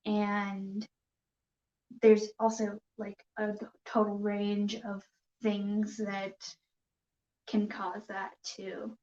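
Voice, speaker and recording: A woman's voice: medium pitch, completely flat delivery, drawn-out words, darkish tone, a little hiss or hum. A woman hosting a casual live stream, talking nervously and hesitantly with many fillers and restarts. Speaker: yarn crafting streamer. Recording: dull, roomy home recording.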